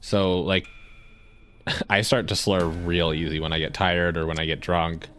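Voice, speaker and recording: Lower-voiced man with a slight lisp. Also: little pitch movement, unhurried, fairly bright tone, a little hiss or hum. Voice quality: slight lisp, trouble with consonants. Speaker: streamer playing a game. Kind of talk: casual chat while gaming.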